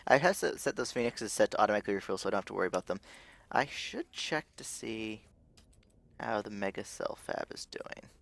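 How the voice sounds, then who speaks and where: A man's voice: on the low side, animated, a little fast, gravelly, fairly bright tone. A young man giving casual, rambling let's-play commentary as a gaming video host, thinking aloud and restarting his sentences.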